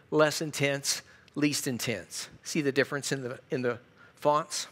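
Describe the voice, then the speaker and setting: Middle-aged male teacher, church class lecture, lively, asks the room questions. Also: a little high. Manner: animated, asks the class questions, acts out quotes.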